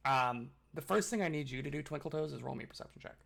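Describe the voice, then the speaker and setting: A man narrating a tabletop game as game master, loose and casual with frequent fillers. His mid-pitched voice has a gravelly, creaky texture. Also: expressive, fast talker, a bit bright.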